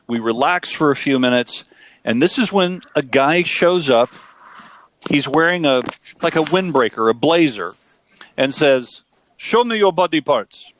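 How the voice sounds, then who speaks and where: A middle-aged man hosting a casual chat, telling a story with animated, dramatic delivery. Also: mid-range voice, measured pace. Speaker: podcast host.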